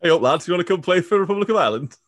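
A man doing a gruff, hearty football manager, pitched up and loud, rattling off a quick offer. The voice is pushed and brisk, a short put-on. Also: expressive.

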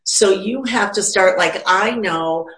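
A woman's voice: medium pitch, slow, roomy sound, low-quality recording. A woman who works as a psychic medium and teacher, telling stories in casual conversation and acting out the voices she quotes. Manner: animated, acts out quoted voices.

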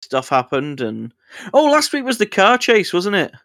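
A man's voice: sits high, wildly swooping pitch, moderate pace, fairly bright tone. A man co-hosting a casual podcast chat, swearing and joking, often trailing off into mumbles. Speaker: podcast co-host.

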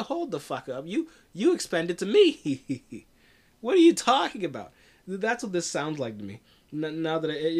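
A man hosting a podcast, giving casual political commentary in a blunt, profane way with frequent restarts. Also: on the high side. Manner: blunt, profane, laughs often, restarts a lot. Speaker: podcast host.

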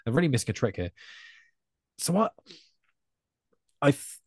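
A man's voice: medium pitch, sing-song, normal speed, breathy edge, no echo. English male guest, rambly and chatty, dry booth sound. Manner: chatty, rambling, self-correcting. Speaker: podcast guest. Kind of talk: casual podcast chat.

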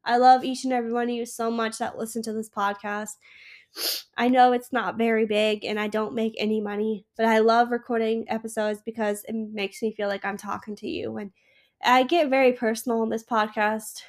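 A woman's voice: fairly high pitch, little pitch movement, normal speed. A sick young woman hosting her own podcast, gushing and emotional in a rambling casual chat. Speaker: podcast host.

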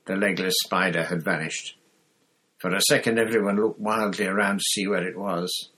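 A man reading a story aloud as narrator, in a measured, deliberate way. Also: low voice, fairly even intonation, sharp tone, slightly rough, poor audio. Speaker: audiobook narrator.

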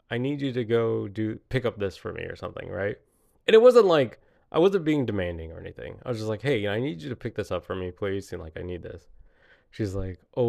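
A man's voice: medium pitch, creaky, a little mellow. A man in his late thirties in a rambling, reflective solo monologue, often laughing at himself. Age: 30s. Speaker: podcaster.

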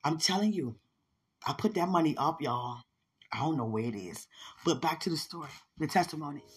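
A woman's voice: deep voice, lively intonation, brisk, breathy edge. A woman hosting a podcast, telling her personal testimony in an earnest, conversational way and speaking straight to her listeners. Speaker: podcast host sharing a testimony.

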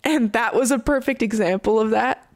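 A woman's voice: fairly high pitch, moderate pace, no echo. Woman, young adult, from Canada, touring musician, casual interview, chatty storyteller, dry close sound. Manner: chatty, animated storyteller with many fillers.

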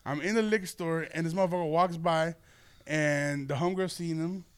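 A man's voice: on the high side, steady tone, brisk, clean tone, no room sound. A young man hosting a podcast, telling a loose, profane story with lots of laughing. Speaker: podcast host and comedian. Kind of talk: casual storytelling chat.

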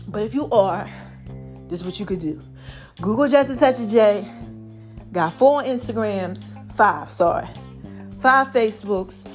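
A woman hosting a casual inspirational podcast, chatty and preachy, talking to her listeners and a bit out of breath. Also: high voice. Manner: chatty, preachy, animated with lots of y'all and child. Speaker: podcast host.

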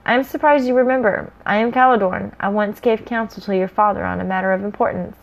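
A woman reading the lines of a grave, elegant male elf warrior in a measured manner. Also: medium pitch, vocal fry, natural voice, rough recording.

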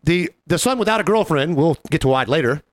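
Animated and a bit quick, a podcast co-host with a voice on the high side shares a work anecdote casually. He swears freely and performs the quoted voices of the people in the story.

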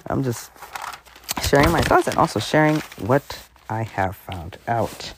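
A woman's voice: rumbling low, measured pace, a little hiss or hum. A woman host giving a frank, conversational commentary monologue, full of asides and acted-out voices. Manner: animated, conversational, frank, breaks into laughs and voices.

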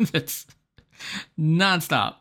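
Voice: mid-range voice, wildly swooping pitch, extremely slow, a bit bright, slightly rough. A podcast co-host casually recapping a TV episode, laughing often and swearing freely.

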